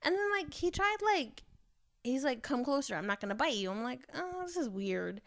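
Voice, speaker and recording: Bright-voiced woman, blunt and profane. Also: sits high, sing-song, normal speed, no echo, clean studio sound. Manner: candid, profane storytelling with acted-out quotes. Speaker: podcast co-host. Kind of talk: casual chat.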